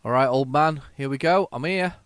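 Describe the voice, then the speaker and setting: A man giving casual, excitable, self-mocking commentary while playing an old computer game. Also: medium pitch, normal speed, clear, resonant tone, dry recording. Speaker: retro game tape reviewer.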